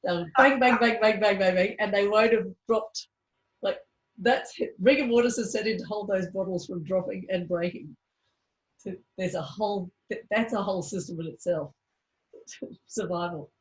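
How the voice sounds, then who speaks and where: Australian woman host, conversational, middle pitch. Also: moderate pace, rough recording. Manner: friendly, chatty, laughs easily. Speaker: host, interviewer. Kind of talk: casual interview chat.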